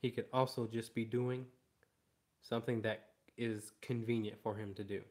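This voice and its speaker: A man's voice: fairly low pitch, steady tone, normal speed, darkish tone. A man working as a dog trainer, explaining training in an emphatic way and repeating key phrases. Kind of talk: instructional explanation.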